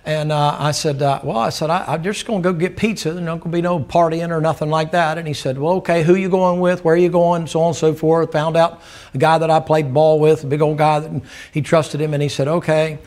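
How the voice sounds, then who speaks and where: A man's voice: fairly high pitch, fairly even intonation, fairly quick, a little mellow. An older man preaching a sermon, telling a folksy story, laughing and acting out the dialogue.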